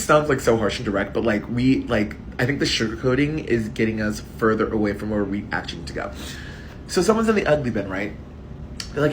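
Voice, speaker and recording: Rambling frank man, faint rumble. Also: poor audio. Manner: frank, rambling, filler-heavy with frequent "like" and "right?". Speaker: social media commentator. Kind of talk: casual monologue.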